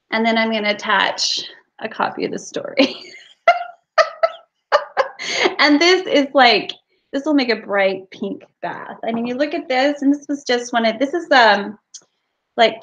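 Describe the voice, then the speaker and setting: A woman's voice: on the high side, fairly bright tone. A woman hosting a casual craft livestream, chatty and giggly as she talks and demonstrates. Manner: chatty, giggly, loose storytelling. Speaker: livestream host and soap maker. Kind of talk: casual live chat and craft demo. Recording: dull lo-fi livestream audio.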